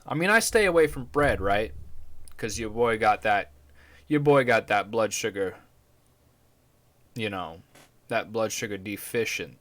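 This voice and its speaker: A man's voice: lowish voice, fairly bright tone. A man hosting a podcast, talking casually in a rambling, profane, laid-back way. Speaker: podcast host. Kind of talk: casual chat.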